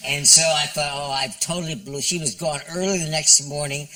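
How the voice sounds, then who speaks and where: An older man, a guest on a television chat show, telling a story in a halting way with many restarts. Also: fairly high pitch, steady tone, sharp tone, recorded from a distance, low-quality recording. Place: television studio with audience.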